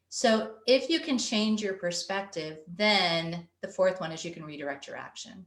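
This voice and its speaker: Woman, parenting coach, earnest explaining, webinar over video call, mid pitch, echoey room. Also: animated, normal speed. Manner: earnest, explanatory, acts out quoted parent thoughts. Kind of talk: webinar presentation.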